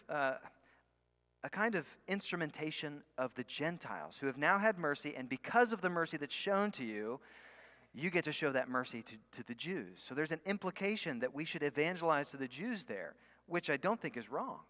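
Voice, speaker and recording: A man preaches a sermon in a fairly high, bright, forceful voice, with long hall reverb around him. He stresses key words hard, slowing right down on them, and at times drops almost to a whisper.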